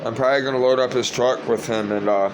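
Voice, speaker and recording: A man's voice: medium pitch, fast, background noise. A young man talking to the camera in a casual vlog, preaching and rambling as he repeats words while he searches for the next one. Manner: gets loud and excited when retelling a story. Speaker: vlogger.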